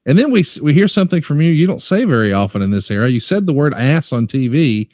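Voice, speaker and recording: A man's voice: a little high, big pitch swings, fast, darkish tone, no room sound, clean studio sound. A man hosting a casual interview, walking through old wrestling promos and quoting lines. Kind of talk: conversational interview.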